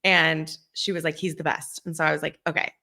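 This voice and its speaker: A woman in her thirties telling a story on a podcast, animated, acting out quotes and laughing often. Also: deep voice, a little fast. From Southern California. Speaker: podcast co-host. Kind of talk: casual storytelling chat.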